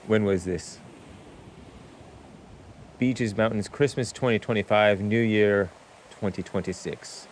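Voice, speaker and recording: A man's voice: lowish voice, steady tone, takes it slowly, pauses often, slight background noise. A man hosting his own talk show, chatting casually in a rambling, musing way with offhand asides. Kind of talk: casual livestream monologue.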